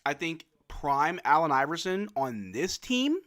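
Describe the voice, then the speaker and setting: A young man from Louisiana hosting a casual sports watch-along stream, tossing off answers to chat questions between quick laughs. His pitch rises and falls a lot, and his tone is bright and forward. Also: very animated. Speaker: livestream host.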